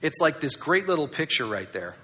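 Bright, emphatic male pastor preaching. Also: on the high side, very animated, a little fast, slightly rough. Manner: emphatic, rhetorical questions to the congregation. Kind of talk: sermon.

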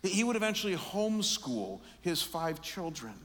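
A middle-aged man preaching a sermon, telling a personal story with lively, animated delivery and acting out his own anger. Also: high-pitched, moderate pace. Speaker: pastor. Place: large church auditorium. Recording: hall reverb.

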